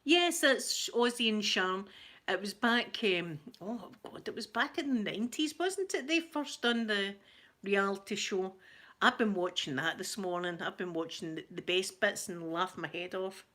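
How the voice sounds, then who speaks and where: A woman's voice: medium pitch, normal speed, a bit bright. Chatty Scottish woman, giggly. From Scotland. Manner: chatty, giggly, self-deprecating. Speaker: ASMR channel host. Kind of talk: casual live chat reading comments.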